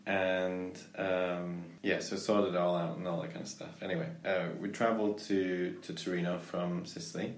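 A man's voice: low-pitched, little pitch movement, moderate pace, few pauses, echoey room. A man casually chatting and telling a rambling anecdote, full of restarts and fillers.

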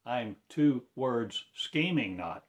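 Man, prophetic rambling monologue, unhurried chant-like delivery, mid-pitched voice. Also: animated. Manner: slow, incantatory delivery with sudden loud proclamations.

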